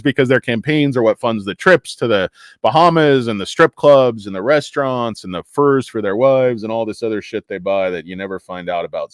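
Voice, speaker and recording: A man hosting a casual stock livestream, rambling between market talk and viewer shout-outs. His pitch swings widely as he jokes and swears. The sound is dry and close. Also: dry recording. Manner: rambling, profane, joking.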